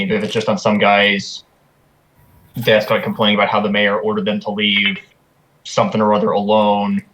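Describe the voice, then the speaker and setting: Low-voiced player thinking aloud. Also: male voice, fairly bright tone, a little hiss or hum. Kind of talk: tabletop game chat.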